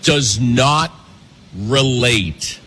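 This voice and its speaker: A man's voice: medium pitch, drawn-out words, sharp tone, a little hiss or hum. A man hosting a talk radio show from a cafe, delivering a rambling, sarcastic opinion monologue. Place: cafe and pastry shop.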